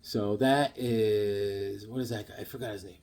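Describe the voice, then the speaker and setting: A man showing off his comic books in a casual vlog, animated and joking, with corny puns and sudden yelps. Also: lowish voice, unhurried. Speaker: comic book vlogger. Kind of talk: casual show-and-tell chat.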